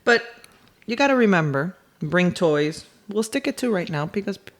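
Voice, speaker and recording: A woman's voice: lowish voice, lively intonation, moderate pace. A woman co-hosting a podcast in casual chat, laughing often and correcting her partner. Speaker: podcast co-host.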